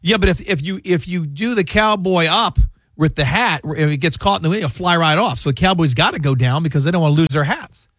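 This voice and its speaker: A man's voice: a little high, expressive, a little fast, a bit bright, no echo. Rambling male radio talk show host. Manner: rambling, with many restarts and asides. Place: radio studio. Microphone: close studio microphone.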